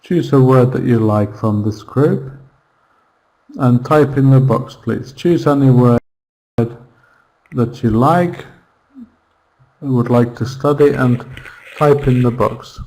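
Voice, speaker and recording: A man teaching an online English lesson, slowly repeating words and pronunciations for his students. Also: medium pitch, mellow, low-quality recording.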